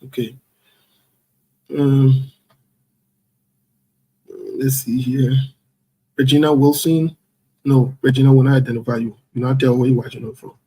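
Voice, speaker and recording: A husky-voiced man runs a loose, chatty live stream. He reads out viewers one after another with a playful, chuckling ease, and his voice sits in an ordinary middle register. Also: medium pitch, level tone, measured pace, long pauses, warm tone. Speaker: livestream host. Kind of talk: casual live-stream chat, reading out viewers.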